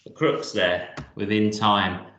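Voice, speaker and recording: A man's voice: lowish voice, little pitch movement, slow, a bit bright, echoey room, muffled recording. A man co-hosting a music countdown, chatting casually and enthusiastically with rambling restarts. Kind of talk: casual chat.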